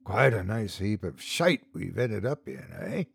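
A man voicing a rugged rescuer in a horror story, speaking softly with forced calm and a wry edge. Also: medium pitch, unhurried, husky, no room sound, clean studio sound, heavily acted. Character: rugged Scottish man, steady, gruff rescuer.

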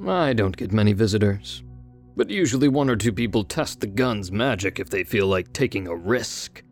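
A man's voice: fairly low pitch, animated, normal speed, faint music behind. An actor playing a sinister, giggling carnival showman in an audio drama, speaking in a gleeful, teasing way.

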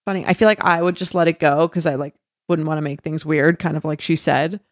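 A woman co-hosting a casual talk show, easygoing and quick to agree. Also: sits low, fairly even intonation, no echo, clean studio sound. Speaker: podcast co-host. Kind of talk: casual chat.

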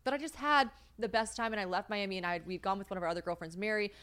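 A woman's voice: mid-range voice, rapid-fire, a bit bright, clean tone. Young woman chatting on a podcast, rambly, cusses a lot, keeps laughing. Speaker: podcast co-host. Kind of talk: casual chat.

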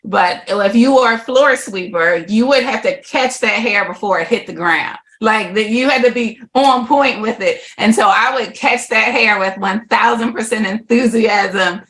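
A middle-aged woman appears as a podcast guest, recounting her life story with animation, laughing often and acting out the voices she quotes. Her voice sits on the high side with a fairly bright tone, and she speaks at a measured pace with few pauses.

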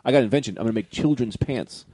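A man's voice: mid-range voice, rapid-fire, dark tone. A man hosting a podcast, rambling through crude jokes and laughing at his own bits. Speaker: podcast host. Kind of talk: casual comedy chat. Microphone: podcast microphone with headphones.

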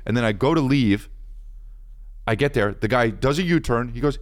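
A man's voice: mid-range voice, unhurried, pauses often, clean tone. A man, a comedian and podcast host, telling a rambling, self-mocking story in casual chat.

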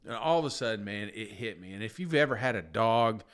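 A lowish, fairly bright male voice, expressive and a little quick, belongs to a podcast co-host running on no sleep. He rambles through a long casual story that pokes fun at himself, repeatedly dropping "you know what I'm saying."

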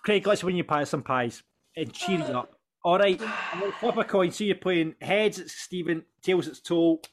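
High-voiced Scottish man hosting. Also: moderate pace, noisy background. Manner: joking, sweary banter. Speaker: podcast host. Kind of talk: casual football chat.

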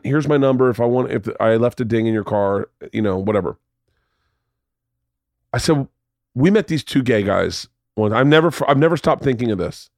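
A man's voice: mid-range voice, darkish tone, no room sound, studio quality. A man hosting a podcast, telling long rambling stories in casual chat and swearing freely. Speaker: podcast host.

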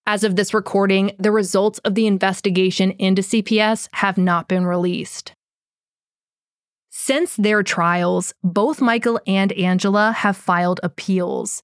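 A woman's voice: medium pitch, no echo, clean studio sound. A woman hosting a true crime podcast who speaks bluntly and swears a lot, and says she is losing her voice. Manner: blunt and heavily profane. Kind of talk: podcast narration and unscripted outro rant.

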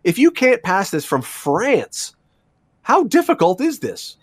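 A man's voice: high-pitched, wildly swooping pitch, slow pace, slightly rough, dry recording. A man from Canada co-hosting a radio show, telling news stories in a chatty, rambling way with asides and restarts. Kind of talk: casual radio chat.

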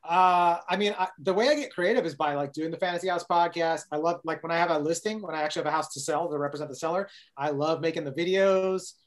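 Stammering excitable man. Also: on the high side, fast, few pauses. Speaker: guest, realtor. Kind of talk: casual chat.

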